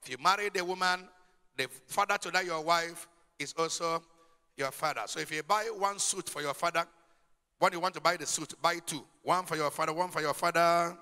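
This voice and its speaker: Male pastor, forceful bright delivery, high-pitched, preaching in a big reverberant hall. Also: a little fast, smooth. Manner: emphatic preaching with rhetorical questions to the congregation. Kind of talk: sermon.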